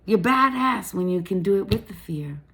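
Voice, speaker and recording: A woman giving a casual spiritual tarot reading, chatty and emphatic, laughing often and swearing now and then. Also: normal speed. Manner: laughs often, lively pitch swings.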